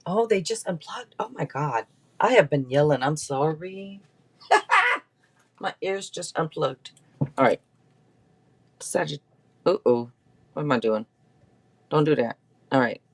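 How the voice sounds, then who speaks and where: A woman giving a casual tarot reading on a live stream, chatty and quick to laugh as she talks straight to her viewers. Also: low-pitched. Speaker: tarot reader.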